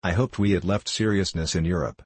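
Deep-voiced guy reading a witty carefree young painter, husky, teasing, dry sound. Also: fairly quick, no echo. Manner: light, teasing. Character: cheerful young male painter, easygoing and witty.

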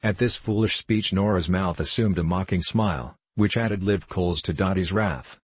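A man reading a children's storybook aloud in a measured, even way. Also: deep voice, slightly rough, no echo. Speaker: audiobook reader. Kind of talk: scripted narration of a children's book.

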